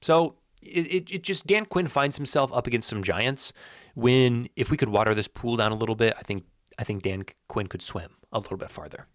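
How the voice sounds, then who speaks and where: Man doing blunt casual sports commentary, animated delivery, dry close sound. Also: mid-range voice, normal speed, no room sound. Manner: blunt, animated, restarts and repeats words when worked up. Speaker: sports video host.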